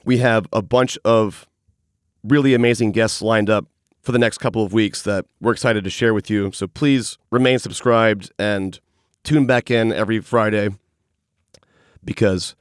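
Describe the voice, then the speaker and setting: A man from Atlanta hosting a podcast in a studio, relaxed and laughing easily. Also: fairly low pitch, normal speed, clean tone, no echo. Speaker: podcast host. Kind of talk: podcast intro and casual interview.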